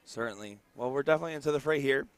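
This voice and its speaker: A man giving color commentary on a darts stream, chatty and quick to laugh. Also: medium pitch, clean tone, no echo. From United States. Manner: laughs often, chatty and enthusiastic.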